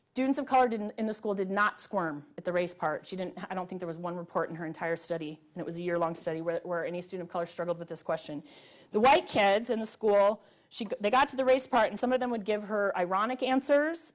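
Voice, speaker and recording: Middle-aged woman with a higher voice, speaking to a library audience: earnest, emphatic, questions drawn out. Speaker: public speaker. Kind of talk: public talk to a live audience. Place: library event room with audience.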